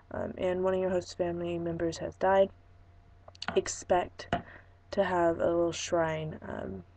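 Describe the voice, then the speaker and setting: Hoarse, gravelly young woman. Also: lowish voice, warm tone, low-quality recording. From Fresno, California. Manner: rambling, lots of ums and restarts. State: hoarse, losing her voice. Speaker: vlogger. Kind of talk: casual vlog chat.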